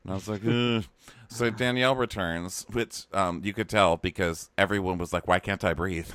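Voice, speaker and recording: A man's voice: fairly even intonation, moderate pace, a bit bright, no room sound. A man co-hosting a comedy podcast, campily recapping a reality show and mocking the cast in put-on voices. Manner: campy, acts out cast members in high mocking voices. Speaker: podcast co-host.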